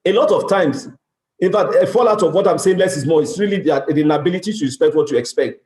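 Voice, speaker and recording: A man's voice: fairly high pitch, fast, darkish tone. A middle-aged Nigerian man with a Nigerian accent, giving a motivational business talk at a conference and acting out dialogue with emphatic repetition. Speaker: conference speaker. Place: large conference hall. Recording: echoey hall sound.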